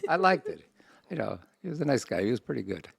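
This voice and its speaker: A man trading easygoing jokes on a podcast with a gravelly, husky voice. His pitch roams widely as he teases. The sound is close and dry. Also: big pitch swings, fast talker, no echo. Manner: joking, teasing, easygoing. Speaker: podcast co-host. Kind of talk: casual banter.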